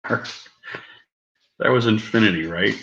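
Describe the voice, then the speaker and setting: Male streamer, bright and chatty, loose and profane, prone to laughter, in a roomy space. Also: on the low side, slow pace, muffled recording, slight background noise. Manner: laughs often, swears freely, rambling. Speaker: live streamer. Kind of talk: casual live-stream chat.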